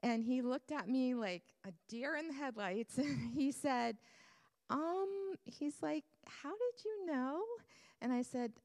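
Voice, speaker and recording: A woman's voice: high-pitched, expressive, unhurried. Earnest woman telling a story, echoey hall. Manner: earnest storyteller with soft laughs. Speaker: church member sharing a testimony. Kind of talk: casual spoken testimony. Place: church meeting room.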